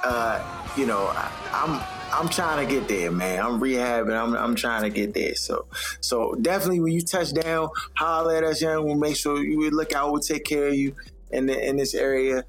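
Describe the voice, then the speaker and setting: A man's voice: mid-range voice, moderate pace, fairly bright tone, soft background music. A man hosting a casual podcast, laid-back and friendly, with easy slang. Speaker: podcast host.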